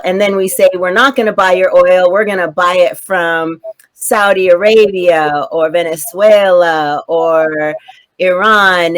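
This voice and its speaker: A woman speaking as a panelist in a political discussion, earnest and repeating words as she starts her points. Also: mid-range voice.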